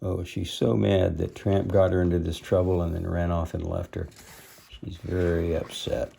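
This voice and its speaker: A man's voice: low-pitched, flat delivery, normal speed, gravelly, mellow, breathy edge. A man reading a picture book aloud, stopping to explain the story in simple words. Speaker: storybook reader.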